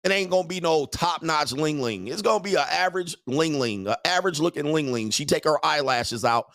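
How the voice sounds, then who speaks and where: A man's voice: fairly high pitch, lively intonation, a little fast, a bit bright, no echo, clean studio sound. A man hosting a show, delivering a crude, mocking livestream rant and laughing often. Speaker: show host.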